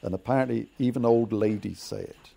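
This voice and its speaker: A man in his fifties, a playwright, giving personal testimony in halting speech, stumbling and searching for his words. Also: lowish voice, creaky, mellow. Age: 50s.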